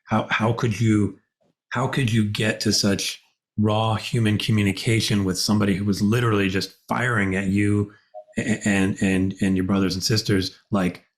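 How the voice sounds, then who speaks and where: A man's voice: on the low side, level tone, moderate pace. A man hosting a podcast, interviewing a guest attentively with frequent short affirmations. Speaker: podcast host.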